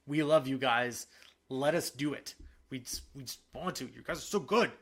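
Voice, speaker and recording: A man co-hosting a casual sports podcast. He talks in an animated, opinionated way and often restarts his sentences. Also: medium pitch, moderate pace. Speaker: podcast co-host.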